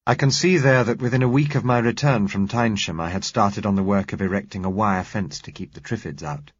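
Male audiobook narrator, measured and plain, husky tone, lo-fi. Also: fairly low pitch, no room sound. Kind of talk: scripted narration. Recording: dull lo-fi, dry.

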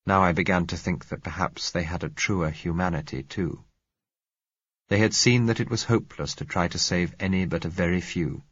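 Deep, husky male narrator. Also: a bit bright, dry recording. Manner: measured, reflective first-person telling. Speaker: audiobook narrator. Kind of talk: scripted narration. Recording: dull lo-fi recording.

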